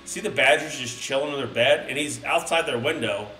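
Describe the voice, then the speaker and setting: A man's voice: medium pitch, fairly quick, pushed and bright, soft background music. A man streaming, reading a children's book aloud to his live chat with crude, rambling, mock-outraged asides. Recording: roomy sound from a distant mic.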